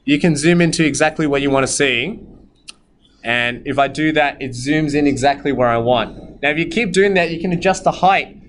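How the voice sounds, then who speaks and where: A high-voiced male maths teacher, explaining calculator steps to a classroom. He talks plainly and sometimes turns stern, scolding the students at length. Faint classroom noise hangs behind him. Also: moderate pace, fairly bright tone, poor audio. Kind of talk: classroom lesson with calculator demo.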